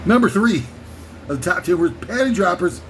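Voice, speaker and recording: High-voiced man on a rambling comic rant. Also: lively intonation, normal speed, fairly bright tone, slight background noise. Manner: rambling, irreverent, swearing. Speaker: comedy list show host.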